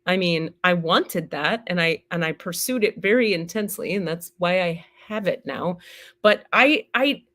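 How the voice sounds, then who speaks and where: A woman's voice: fairly low pitch, expressive, moderate pace, fairly bright tone. A woman teaching on a live stream in a candid, casual way, swearing freely and acting out the inner voices she describes. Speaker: spiritual teacher and healer.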